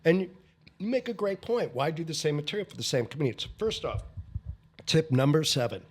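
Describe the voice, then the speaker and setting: Animated, blunt man with lively pitch. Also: a little fast, slightly rough. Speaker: comedy show producer, veteran comedian. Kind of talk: casual podcast interview, giving advice.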